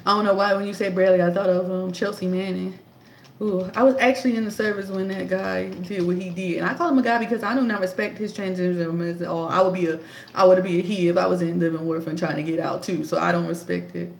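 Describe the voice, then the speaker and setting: A woman's voice: lowish voice, fairly even intonation, quick pace, gravelly. A woman in her thirties giving casual political commentary into a tablet, emphatic and sarcastic, firing off rhetorical questions. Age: 30s. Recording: echoey room.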